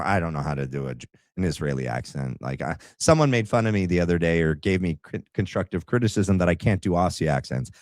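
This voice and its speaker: A man's voice: low-pitched, expressive, quick pace, darkish tone, no echo, clean studio sound. A man hosting a political commentary livestream, talking to his chat with rambling asides. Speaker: livestream host.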